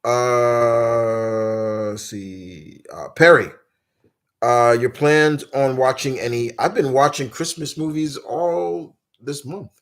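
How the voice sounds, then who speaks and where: A man's voice: mid-range voice, slow, a bit bright. A man in his forties, hosting a live Q&A stream and rambling through casual chat full of fillers and restarts. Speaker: host.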